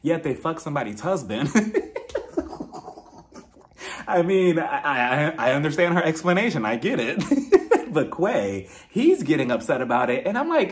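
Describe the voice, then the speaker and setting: A man's voice: on the high side, sing-song, moderate pace, long pauses. A man giving a casual, candid recap of a reality TV episode, chatty and outspoken, with frequent swearing and laughter. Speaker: reality TV reviewer.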